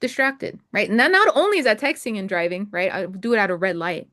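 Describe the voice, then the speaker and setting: A woman's voice: mid-range voice, big pitch swings, fairly quick, fairly bright tone. Chatty woman coaching traders. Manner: chatty, repeats "right?" often. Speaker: trading mentor. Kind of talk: casual coaching call.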